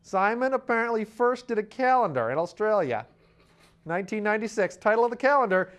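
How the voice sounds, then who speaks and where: A man hosts his own show, talking through a funny story in a loose, rambling way. His pitch swoops up and down, and he keeps jumping into goofy voices for the characters. The tone stays wry and conversational throughout. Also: animated, a little fast. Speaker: podcast host. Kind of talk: casual comic monologue.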